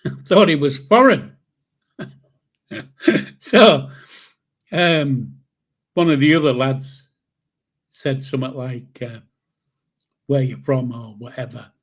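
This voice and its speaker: Man, 70s, slow husky storyteller, rambling memoir. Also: mid-range voice. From England. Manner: rambling, halting, with chuckles. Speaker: channel host, grandfather. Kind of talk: casual spoken memoir storytelling.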